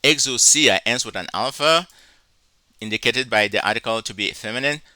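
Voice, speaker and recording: Bright-voiced man teaching slowly. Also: mid-range voice, dry recording. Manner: slow, deliberate, spells out syllables. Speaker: Greek teacher. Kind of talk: recorded lecture.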